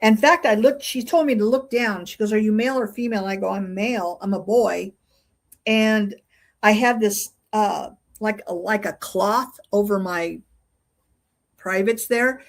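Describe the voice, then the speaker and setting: A woman's voice: medium pitch, unhurried. A middle-aged woman, a guest in an interview, telling a personal story in a casual, rambling way with many fillers and restarts.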